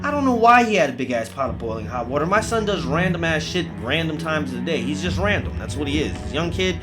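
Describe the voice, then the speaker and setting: Brief: man, lively swearing storyteller, pitch leaps around, music under him. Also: fast. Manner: profane, animated, yelps and cries out in pain. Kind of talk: comic horror storytelling.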